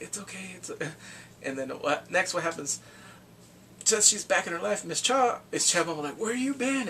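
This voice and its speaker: A man casually recapping a drama's plot, animated and acting out his own reactions with whoops and exclamations. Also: on the high side, gravelly, distant mic, a little hiss or hum. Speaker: drama reviewer.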